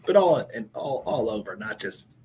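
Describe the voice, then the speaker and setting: Low-voiced man making dry jokes. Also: very animated, normal speed, darkish tone, slight background noise. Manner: dry, joking asides. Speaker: podcast panelist. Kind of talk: casual chat.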